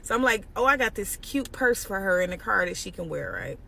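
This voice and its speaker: A woman's voice: medium pitch, brisk, gravelly, a little hiss or hum. A woman telling a casual, profane storytime straight to her viewers. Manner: animated and profane, addressing viewers as "y'all".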